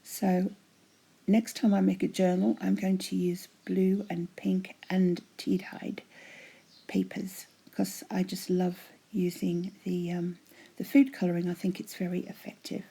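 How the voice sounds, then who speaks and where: A chatty woman with a voice going hoarse, gushing over her handmade crafts in a casual show-and-tell at home, often dropping to a breathy half-whisper. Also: on the low side, little pitch movement, unhurried, warm tone. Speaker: craft vlogger showing giveaway prizes.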